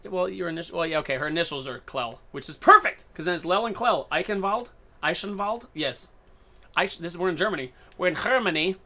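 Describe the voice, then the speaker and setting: Bright-voiced excitable male game streamer. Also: on the high side, quick pace, gravelly. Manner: excitable, playful, jokey running commentary. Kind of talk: casual live-stream gameplay chat.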